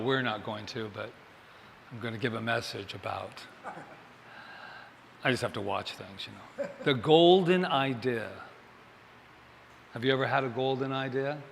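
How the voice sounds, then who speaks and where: A man's voice: mid-range voice, vocal fry, fairly bright tone, long reverb tail, a little hiss or hum. A male minister giving a Sunday sermon in a chatty way, joking with the congregation and asking them questions.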